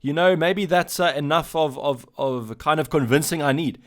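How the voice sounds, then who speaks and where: A man with a South African accent hosting a casual live-stream Q&A, reading out chat messages and answering them in a loose, halting way. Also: a little high.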